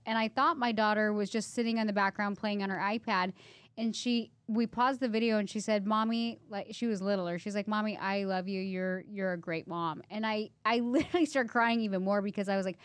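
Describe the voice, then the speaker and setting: A woman's voice: mid-range voice, dry recording. A woman in her thirties co-hosting a podcast, telling personal stories in a chatty, emotional way full of fillers. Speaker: podcast co-host. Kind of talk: casual conversation.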